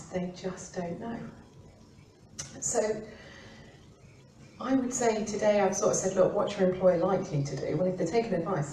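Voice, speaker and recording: A middle-aged woman from the UK, an employment law expert talking informally and acting out quoted remarks in lively voices. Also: lowish voice, slight background noise. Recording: roomy, distant mic with faint ambience.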